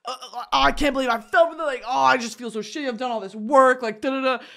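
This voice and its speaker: A woman's voice: lowish voice, lively intonation, a little slow, whispered. A woman doing an upset young man. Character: angry, pleading young man.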